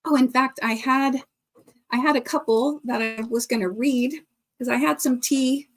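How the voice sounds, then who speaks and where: A chatty woman hosts a relaxed live stream from her desk and talks straight to her viewers. Her voice sits a little high. She reads their comments aloud and laughs easily as she goes. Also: moderate pace, faint music behind. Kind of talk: casual live stream chat.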